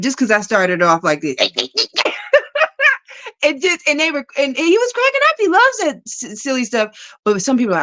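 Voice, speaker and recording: Woman guest, casual spiritual chat, animated and laughing often, middle pitch, dry close sound. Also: moderate pace, no room sound. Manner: animated, laughs often, acts out quoted voices.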